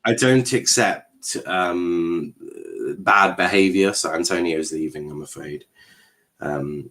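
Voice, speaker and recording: Deep-voiced man doing casual match commentary. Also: takes it slowly, a bit bright. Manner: casual, joking and sweary, with frequent fillers. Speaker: host. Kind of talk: live football watchalong commentary.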